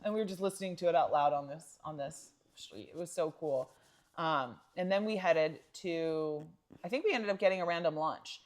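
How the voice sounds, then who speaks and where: A woman co-hosting a podcast, telling travel stories in casual chat, animated and laughing often. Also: deep voice, moderate pace. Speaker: podcast co-host.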